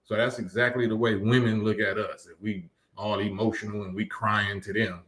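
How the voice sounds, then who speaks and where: A man's voice: lowish voice, little pitch movement, normal speed, fairly bright tone. A man hosting a live stream, reading chat comments and lecturing emphatically, often repeating his points. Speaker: livestream host.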